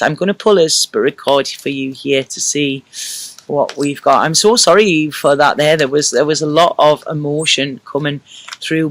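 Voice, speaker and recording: A man giving a casual, emotional tarot reading to camera, reassuring and rambling with many fillers. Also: mid-range voice. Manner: emotional and reassuring, full of "you know" fillers. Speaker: tarot reader.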